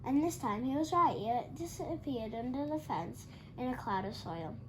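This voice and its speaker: A woman reads a children's picture book aloud in a high, bright register. She is animated and expressive throughout. A faint hiss of background noise sits under her voice. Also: normal speed, rough recording. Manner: animated, gives characters lively voices. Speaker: storybook reader.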